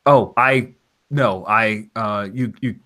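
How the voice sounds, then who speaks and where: A man's voice: fairly low pitch, takes it slowly, bright, forceful tone. A man running a tabletop game as game master, genial and stumbling over fillers as he handles the dice.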